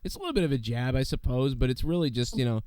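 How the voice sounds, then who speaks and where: Hoarse guy rambling on his podcast, swears a lot, smooth dry close sound. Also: medium pitch, animated, racing, darkish tone, dry recording. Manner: rambling, profane, full of fillers. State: hoarse from illness. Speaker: podcast host. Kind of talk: casual chat.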